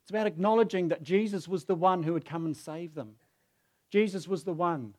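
A man's voice: high-pitched, fairly quick, darkish tone. A man preaching a sermon who tells the story casually and acts out the quoted voices.

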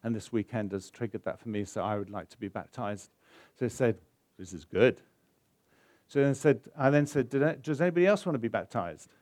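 A man's voice: mid-range voice, quick pace, a little mellow, dry recording. A man preaching a sermon, telling a story with feeling and building to an urgent call to faith before leading a prayer. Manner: storytelling, building to emotional exhortation. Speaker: pastor.

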